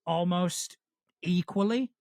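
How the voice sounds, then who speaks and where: A man from Spain co-hosting a podcast who talks in a casual chat style, pausing and restarting often. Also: sits high, a little mellow, no room sound, clean studio sound. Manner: hesitant, with many restarts and fillers. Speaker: podcast co-host.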